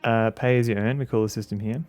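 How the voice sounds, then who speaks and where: A man with an Australian accent streaming a game, chatting casually in a halting, rambling way with many fillers. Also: on the low side, fairly even intonation, darkish tone, soft background music. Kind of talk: casual commentary while playing a game.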